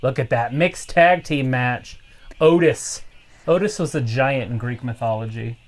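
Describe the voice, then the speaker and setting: A man's voice: medium pitch, unhurried. A man co-hosting a live stream in casual chat, joking and teasing his co-host.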